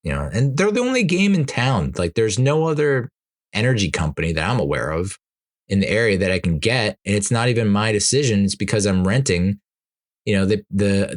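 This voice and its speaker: A deep-voiced man chatting alone into a podcast mic, telling stories in a loose, rambling way. He laughs between sentences and breaks into exasperated asides. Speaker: podcast host. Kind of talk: casual solo podcast chat.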